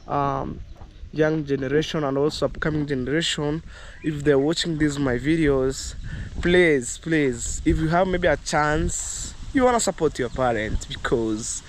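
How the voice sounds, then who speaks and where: A man's voice: fairly high pitch, normal speed, a little hiss or hum. A young man from Kenya with a Kenyan accent, chatting loosely to his viewers outdoors in a village yard, peppering his talk with "you know, guys". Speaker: vlogger. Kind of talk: casual vlog chat to viewers.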